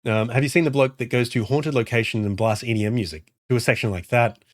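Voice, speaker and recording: A man's voice: mid-range voice, fast talker, dry recording. A man chatting casually on a live stream from home into a desk mic, rambling, swearing and answering chat messages. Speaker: game streamer and indie developer.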